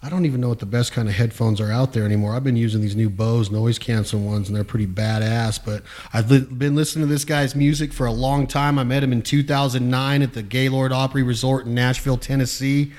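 A man's voice: mid-range voice, little pitch movement, fast talker, hardly any pauses, a little mellow. Upbeat chatty podcast host man. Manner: upbeat, chatty host asking eager questions. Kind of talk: casual podcast interview.

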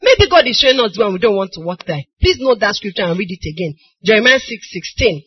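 A middle-aged woman with a Nigerian accent preaching a sermon, moving from soft storytelling to crying, shouted appeals. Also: mid-range voice, big pitch swings, fast, slightly rough. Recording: dull lo-fi recording.

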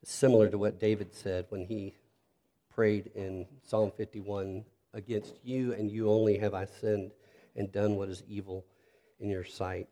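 Speaking at a measured pace in a level, rather low voice, a pastor gives a sermon that is earnest and reflective. When he addresses listeners directly, he softens into an intimate tone.

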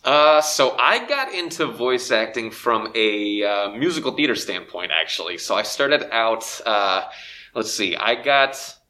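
Bright-voiced young man, eager and rambling. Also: mid-range voice, big pitch swings, a little slow. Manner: eager, rambling with fillers and laughs. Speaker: voice actor guest. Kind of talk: convention panel interview. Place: convention panel room. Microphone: handheld mic, speaking through a face mask.

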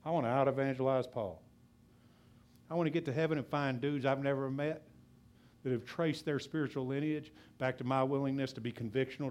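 A man preaching a sermon as pastor, talking loud and fast and passionately, then dropping to a low, quiet voice. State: out of breath.

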